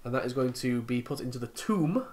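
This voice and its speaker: A man's voice: medium pitch, expressive, brisk, a crowd in the background. A man hosting a board game playthrough, chatting casually at the table and laughing often. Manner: laughs often, wraps up the episode.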